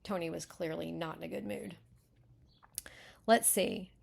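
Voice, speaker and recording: A woman's voice: fairly low pitch, fairly even intonation, measured pace, creaky, darkish tone. A woman hosting a casual writing critique, chatty and full of fillers and self-corrections. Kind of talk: casual teaching.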